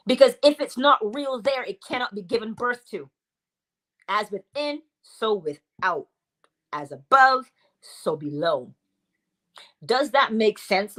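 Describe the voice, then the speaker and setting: A woman hosting a spiritual teaching session and answering audience questions. She speaks in an animated way, acts out quoted voices and laughs often. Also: fairly high pitch. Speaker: host and teacher.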